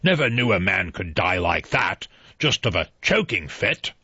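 A gruff older general , put on by the male narrator, with a changed, distant-sounding timbre that sets him apart from the narration. He speaks in blunt, clipped remarks. The voice is husky, and the recording is dull and lo-fi. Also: sits low, sing-song, measured pace, sharp tone, dry recording, heavily acted. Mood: baffled.

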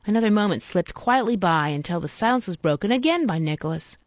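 A woman narrating a story aloud in a measured, expressive reading. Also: mid-range voice, dry recording, dull audio.

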